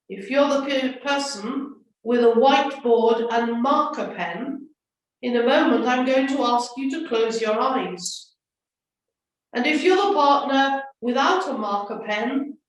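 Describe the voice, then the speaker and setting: A high-pitched woman speaks slowly and gently to schoolchildren, guiding them through an assembly activity. Her voice sits back from the mic in a very echoey room. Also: distant mic. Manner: slow, gentle instructions to children. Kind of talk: children's assembly talk.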